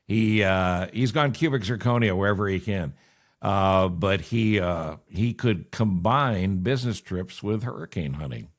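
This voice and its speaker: A man's voice: on the low side, lively intonation, a little slow. A middle-aged man hosting a conversational interview, chatting with wry, joking asides. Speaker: talk show host.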